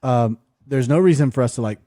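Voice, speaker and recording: Man, earnest conversational storyteller, dark voice, frequent restarts. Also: mid-range voice, fairly quick, no room sound, studio quality. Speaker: podcast co-host.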